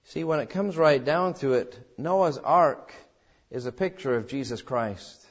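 A man preaching a sermon in an emphatic way, swinging between loud exhortations and quiet, low passages. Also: expressive, unhurried, slightly rough, highs cut off. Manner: emphatic preaching with wide swings in pitch and loudness.

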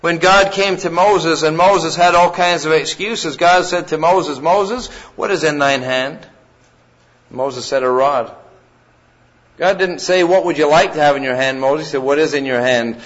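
A middle-aged man preaches a sermon in a loose, conversational manner, often circling back and restarting his phrases. His voice sits a little high for a man. The recording is dull and lo-fi. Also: a little slow, a bit bright.

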